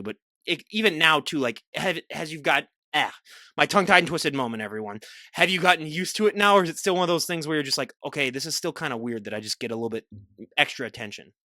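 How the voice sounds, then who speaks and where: A man's voice: mid-range voice, expressive, racing, pushed and bright, no echo. A man hosting a podcast, asking long rambling questions and laughing easily. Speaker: podcast host. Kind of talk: casual interview.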